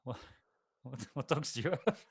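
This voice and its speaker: A man's voice: mid-range voice, lively intonation, moderate pace, gravelly, slightly rough, no room sound. A man co-hosting a podcast in casual chat, teasing and playful in banter. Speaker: podcast co-host.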